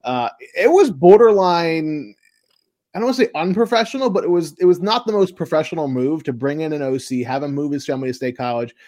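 A man's voice: on the high side, expressive, brisk, a little mellow, no room sound, studio quality. A man co-hosting a sports podcast, giving his views in casual chat and often repeating words while he thinks. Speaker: podcast co-host.

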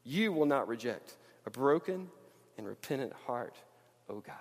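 A man preaching a sermon to a congregation, swinging from urgent, impassioned pleading to quiet, hushed questions. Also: medium pitch, lively intonation, normal speed, vocal fry, long reverb tail. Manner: impassioned, builds to pleading then drops to hushed. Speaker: pastor. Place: church sanctuary.

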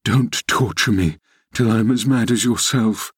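A man's voice: fairly low pitch, measured pace, husky, no room sound, studio quality. A man voicing a tormented young man who speaks in fierce, anguished outbursts. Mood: savage.

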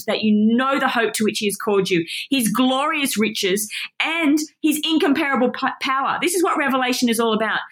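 A woman teaching a Bible study with passion, excited and emphatic, often laughing. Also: fairly high pitch.

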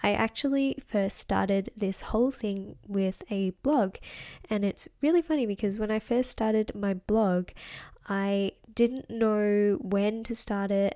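Young woman, podcast host, chatty and self-deprecating, deliberately lowered voice, middle pitch. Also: dark tone, no room sound, studio quality. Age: young adult. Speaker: podcast host and wellness coach. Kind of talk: casual solo podcast monologue.

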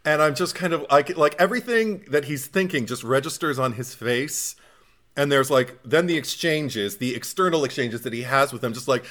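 A man's voice: mid-range voice, moderate pace, fairly bright tone. A man co-hosting a podcast, chatting casually with enthusiasm, swearing freely and laughing often. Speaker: podcast co-host. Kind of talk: casual chat.

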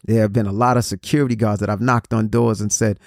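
Speaking quickly in a lowish, level, slightly mellow voice, a motivational speaker in his forties is captured in a dry, clean studio recording. His talk has a preachy tone, and he keeps repeating phrases and starting sentences over.

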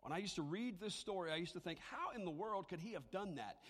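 A pastor preaches a sermon in a slightly high voice, speaking a little fast with few pauses. He shifts between animated, conversational delivery and soft, hushed lines for emphasis, and the long reverb of a large hall surrounds him.

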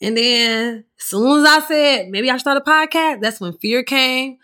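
A woman with a raspy voice hosting her own podcast, telling her story in a candid, chatty way and swearing freely. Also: high-pitched, moderate pace, sharp tone. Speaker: podcast host. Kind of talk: casual solo podcast monologue.

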